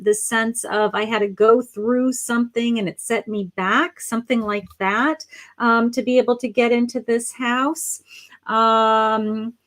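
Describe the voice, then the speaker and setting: A middle-aged woman with a fairly high voice gives a live psychic reading, her words drifting through fillers and restarts. She sounds a little worn, as if her voice is going, and calls her listeners honey and sweetheart. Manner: soft-spoken, meandering, with many fillers and restarts. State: losing her voice. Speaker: psychic medium livestream host.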